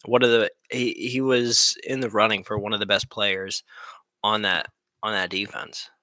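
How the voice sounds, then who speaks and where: Bright-voiced young man streaming game commentary. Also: fairly low pitch, level tone, normal speed, no echo, studio quality. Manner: rambling, joking, laughs often. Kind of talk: casual live-stream commentary.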